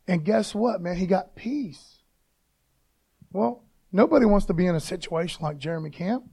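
Brief: high-voiced, gravelly man preaching casually, fired-up and conversational. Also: a little mellow. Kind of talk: informal devotional talk.

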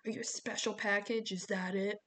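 A woman playing a gruff, barking gym coach. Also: mid-range voice, flat delivery, brisk, a bit bright, lightly acted. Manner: blunt, grumbling, barks orders. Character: gruff middle-aged male gym coach, brusque.

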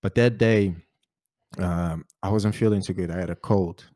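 A man's voice: low voice, normal speed, no room sound, clean studio sound. A man whose first language is Portuguese, co-hosting a podcast, telling stories and joking with frequent laughter. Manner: joking, laughs often, animated storytelling. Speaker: podcast co-host. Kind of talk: casual chat.

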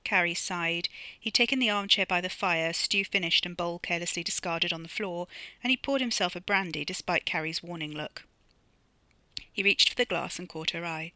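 A woman's voice: fairly low pitch, normal speed, sharp tone, no echo. Woman reading her own audiobook. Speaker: author reading her novella. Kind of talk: audiobook narration.

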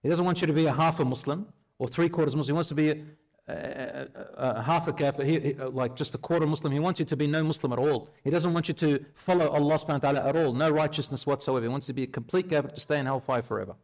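Lively male preacher, higher voice. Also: racing. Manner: lively storyteller who acts out dialogue. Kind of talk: sermon with acted-out storytelling.

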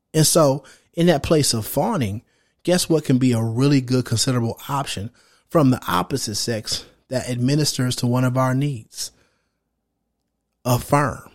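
A man in his thirties hosting a podcast, giving casual, direct advice in a slangy, animated way and acting out what other men might think. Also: mid-range voice, normal speed. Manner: animated, slangy and direct, acts out quoted thoughts. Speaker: podcast host.

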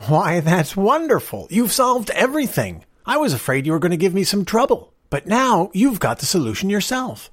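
A man's voice: on the high side, wildly swooping pitch, normal speed, dry recording, clean studio sound, pitched above the performer's own voice. A man doing a stout, kindly older stranger. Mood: delighted. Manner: easy, gently persuasive, gleeful bursts.

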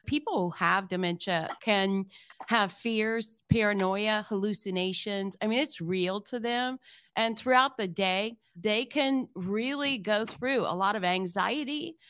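A woman hosting an interview about caregiving, speaking with empathy and explaining as she asks her questions. Her voice is smooth and resonant, recorded dry and close. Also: medium pitch, unhurried, fairly bright tone, no echo. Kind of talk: interview host.

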